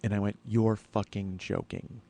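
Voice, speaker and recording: A man's voice: lowish voice, little pitch movement, a little slow, vocal fry, warm tone. Swearing man telling a comic rant. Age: 40s. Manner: exasperated, swearing rants in his own voice. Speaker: comedy podcast host. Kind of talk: profane comic storytelling monologue.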